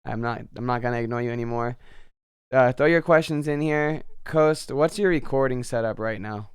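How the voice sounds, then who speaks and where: A man's voice: mid-range voice, normal speed, clean tone, no room sound, studio quality. A man hosting a casual livestream interview, laid-back and swearing now and then. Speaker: host of a livestream interview show. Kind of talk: casual chat.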